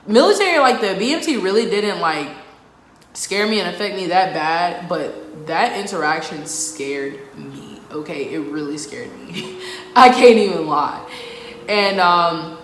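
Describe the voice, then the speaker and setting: Low-voiced young woman telling a story. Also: animated, unhurried, slight background noise. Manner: chatty, loose, lots of "like" and "um". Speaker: vlogger. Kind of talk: casual storytelling vlog. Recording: echoey room with background music.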